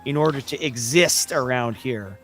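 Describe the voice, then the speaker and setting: A man's voice: medium pitch, moderate pace, a bit bright, soft background music. A man co-hosting a podcast, speaking bluntly and emphatically with swearing. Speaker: podcast co-host. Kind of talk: casual political podcast chat.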